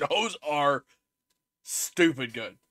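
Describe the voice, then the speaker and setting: A man's voice: on the high side, lively intonation, very slow, sharp tone. A man with an Oklahoma accent, co-hosting a podcast in casual, teasing banter. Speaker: podcast co-host. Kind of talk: casual chat.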